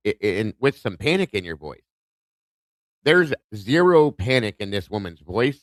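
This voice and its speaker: A man's voice: medium pitch, lively intonation, unhurried, no room sound. A man hosting a live-stream chat show, talking straight to his viewers in an emphatic way. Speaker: show host.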